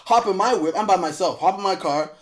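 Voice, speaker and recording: A young man with a high voice rattles off a story at a rapid clip. He is a podcast guest in casual talk, cursing freely and acting out every voice in the tale. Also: crowd noise. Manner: animated, profane, acts out quotes.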